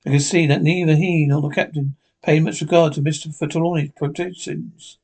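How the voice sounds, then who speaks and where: A man reading a classic novel aloud, halting and restarting words now and then. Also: fairly high pitch, steady tone, creaky, a little mellow. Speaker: audiobook reader.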